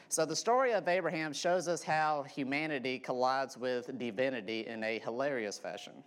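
A man's voice: mid-range voice, clean tone. Man preaching a sermon, repeating points. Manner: repeats key lines, checks in with "okay?".

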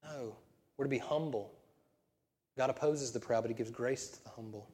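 A male pastor preaches in a church sanctuary with a mellow, darker tone. His talk is conversational and punctuated by emphatic bursts. A long hall reverb trails his words. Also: medium pitch, moderate pace. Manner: conversational preaching with laughs and rising emphatic peaks. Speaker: senior pastor. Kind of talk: sermon.

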